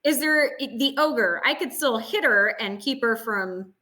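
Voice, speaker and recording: A woman's voice: on the high side, lively intonation, a little slow, pushed and bright. A woman playing a tabletop game with friends, chatting playfully about her character. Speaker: player. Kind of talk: casual tabletop play.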